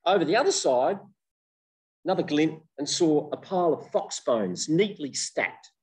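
An older man giving a humorous keynote lecture as a professor, an animated storyteller who jokes as he goes. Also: on the high side, normal speed, distant mic, rough recording. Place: lecture room with online audience.

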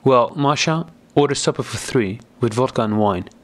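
A man's voice: medium pitch, moderate pace, voice pushed up, natural voice. A man doing an angry, agitated sickly man. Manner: angry, abrupt, raised voice.

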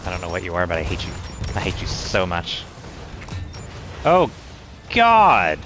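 A man's voice: sits low, flat delivery, fast. A man giving casual gameplay commentary, frustrated and swearing as he talks to the game. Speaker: let's play gamer. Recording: game music playing behind.

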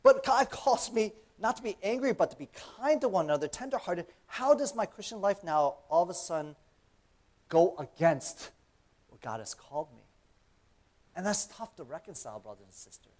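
A man's voice: high-pitched, normal speed. A young man giving a casual, conversational church sermon, acting out imagined dialogue and often asking "right?". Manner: animated, acts out imagined dialogue, frequent "right?". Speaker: preacher. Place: church sanctuary.

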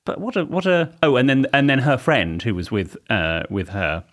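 A man's voice: mid-range voice, normal speed, a bit bright. A man co-hosting a comedy podcast, telling wry, rambling anecdotes in casual chat. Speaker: podcast co-host.

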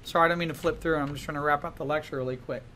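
A man teaching in a classroom, animated and pitched high, firing questions at his students. A faint hum of room noise sits behind him. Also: very fast. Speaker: art instructor. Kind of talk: classroom lecture.

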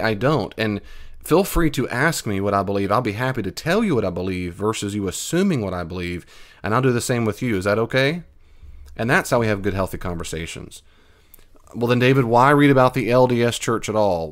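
A man with a somewhat low voice talks through listener questions on his podcast. He sounds folksy and earnest, like he is chatting plainly with his audience. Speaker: podcast host. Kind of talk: casual podcast monologue answering listener questions.

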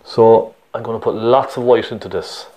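A man's voice: fairly low pitch, fairly even intonation, normal speed, darkish tone. Cork Irish man, painting teacher, chatty and encouraging, walks through each step. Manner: chatty, encouraging, checks in with the viewer.

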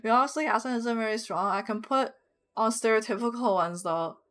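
A woman's voice: fairly high pitch, brisk, a bit bright. Chatty young woman streamer, giggly. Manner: chatty, giggly, reads chat aloud. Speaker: live streamer. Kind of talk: casual chat with viewers while gaming. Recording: music playing behind the voice.

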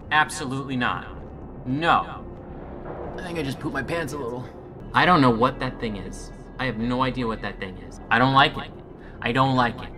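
A man's voice: mid-range voice, sharp tone, a little hiss or hum. A man doing let's play commentary on a horror game, joking and talking to the game, easily spooked. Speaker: game streamer.

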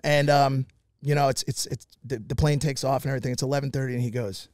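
A man on a podcast telling an animated story, swearing often and acting out what other people said. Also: medium pitch, quick pace, smooth, no echo, studio quality. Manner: animated, swears a lot, acts out quotes. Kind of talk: animated storytelling, casual chat.

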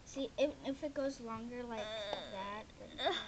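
A woman's voice: a little high, moderate pace, a crowd in the background, natural voice, poor audio. A girl voicing toy pet characters in a homemade skit, chatty and offhand. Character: toy pets in a homemade show.

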